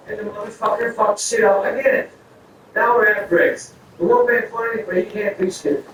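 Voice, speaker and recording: A man's voice: sits high, fairly bright tone. Profane man telling stand-up stories. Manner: profane, rambling and conversational. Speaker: stand-up comedian. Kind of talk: stand-up storytelling. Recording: very echoey, far-off mic, noisy.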